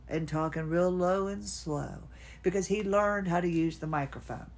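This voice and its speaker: Seated at home, a podcast host in her fifties speaks in a lowish voice at a measured pace. Her casual monologue drifts from one thought to the next, and now and then she talks to herself.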